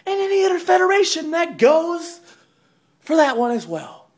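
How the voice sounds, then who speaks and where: A man delivering a profane wrestling-style promo rant, taunting and mocking, swinging between loud jeers and low mutters. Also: big pitch swings, normal speed. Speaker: online wrestling promo host.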